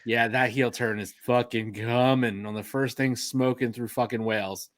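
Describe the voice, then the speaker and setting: A man's voice: medium pitch, steady tone, normal speed, no echo. A man co-hosting a casual wrestling podcast with crude, profane banter. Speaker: podcast co-host.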